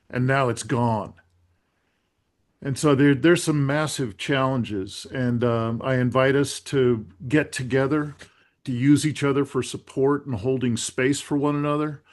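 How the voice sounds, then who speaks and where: A man hosts a community circle and speaks reflectively. He pauses and restarts his thoughts as he talks, in a gentle manner. His voice sits at an ordinary middle pitch. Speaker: host. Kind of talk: reflective group facilitation.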